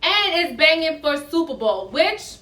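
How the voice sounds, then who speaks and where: A woman's voice: high-pitched, big pitch swings, measured pace, sharp tone, recorded from a distance. A woman co-hosting a home cooking video, chatty and teasing, needling her partner. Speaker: cooking show co-host. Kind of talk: casual banter. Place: home kitchen. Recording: roomy room from afar.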